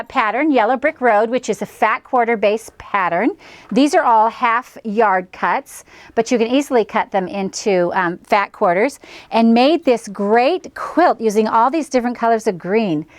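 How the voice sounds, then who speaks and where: A woman's voice: on the high side, measured pace. A middle-aged woman hosting a quilting tutorial, chatting cheerfully and folksily as she demonstrates each step. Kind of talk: friendly craft demonstration.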